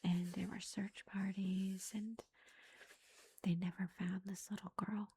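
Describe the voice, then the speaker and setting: A woman giving a whispered ASMR book review, retelling the plot in a soft unvoiced whisper and rambling with lots of "like" and "you know". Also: mid-range voice, level tone, takes it slowly, slight background noise.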